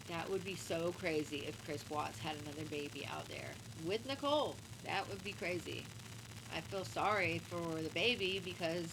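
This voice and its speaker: A woman co-hosting a true crime show, giving her opinions in casual talk and asking the viewers questions directly. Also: on the low side. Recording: clear background noise.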